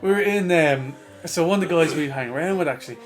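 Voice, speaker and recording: A young Irish man from Dublin, co-hosting a podcast and telling a sweary, animated story in casual chat. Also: on the high side, quick pace, soft background music. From Ireland. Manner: sweary, animated anecdote teller. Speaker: podcast co-host.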